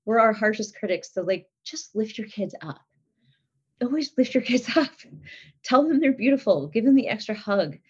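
A middle-aged woman, a podcast guest, talks about her kids in a little high, husky voice with a darkish tone, animated and at a moderate pace. She's chatty, laughs often and leans on fillers. The audio is dull and lo-fi.

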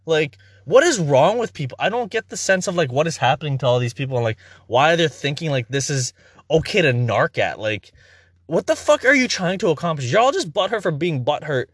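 A man's voice: a little high, big pitch swings, fairly quick, fairly bright tone, slightly rough, no room sound, studio quality. A young man hosting a podcast, ranting in a heated, profane, exasperated way in casual commentary.

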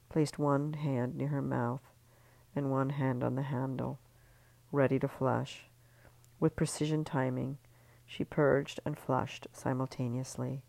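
A woman reading her own novel aloud in a calm, measured way, now and then restarting a word. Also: a bass voice, gravelly, dry recording. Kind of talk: audiobook-style novel reading.

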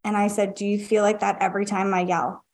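A woman in her thirties hosting a podcast, telling personal stories with lively quoted dialogue. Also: medium pitch, fast talker. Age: 30s. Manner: animated storyteller, acts out quotes. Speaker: podcast host. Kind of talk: casual podcast chat.

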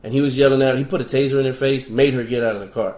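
A man's voice: medium pitch, fairly even intonation, racing, darkish tone. Blunt, profane man in an echoey room. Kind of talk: casual chat.

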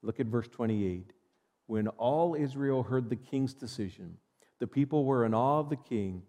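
A man's voice: mid-range voice, normal speed, dark tone. A male pastor preaching a sermon, reading scripture and emphatically addressing the congregation, in a long church reverb.

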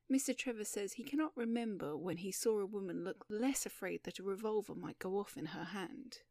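A woman's voice: mid-range voice, a little mellow, dry recording. Woman narrating an audiobook, dry sound. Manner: measured, storytelling.

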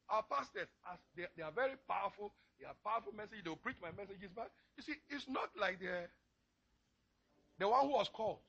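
Impassioned high-voiced preacher man, raspy. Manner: impassioned preaching, swinging from low murmurs to crying shouts. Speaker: pastor. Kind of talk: sermon.

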